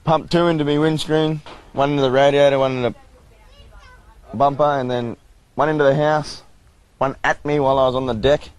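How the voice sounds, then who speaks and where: A man's voice: medium pitch, steady tone, a little fast, pauses often, clear, resonant tone, low-quality recording. Blunt Australian man in his twenties. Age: 20s. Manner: casual, blunt, slangy. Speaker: interviewee.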